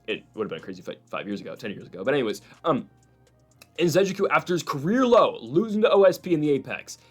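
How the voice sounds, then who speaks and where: Man, host, casual chat, rambling, opinionated, slightly high pitch. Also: sing-song, fast talker, faint music behind. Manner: rambling, opinionated, many restarts and asides.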